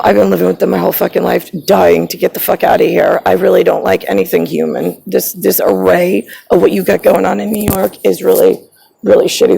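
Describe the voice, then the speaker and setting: Gravelly, husky woman ranting. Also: on the low side, mellow, poor audio. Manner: agitated, swearing, drifting between topics. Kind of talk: rambling personal rant.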